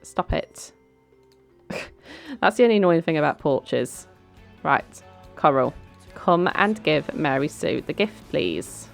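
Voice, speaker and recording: A woman's voice: sits low, animated, measured pace, gravelly. A young woman chatting through a life-sim game, bossing her characters around and giggling. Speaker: let's play host. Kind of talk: casual gameplay commentary. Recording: faint background music.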